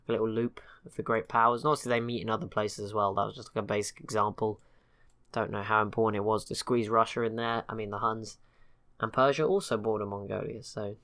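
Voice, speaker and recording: A man's voice: on the low side, gravelly, a bit bright. A man hosting a gaming channel, giving casual, rambling, self-mocking commentary over a strategy game.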